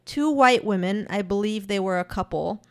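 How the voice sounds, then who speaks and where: A woman's voice: mid-range voice, moderate pace. A woman from Belize, a guest author, telling a personal story in earnest with many restarts. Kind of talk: conversational interview.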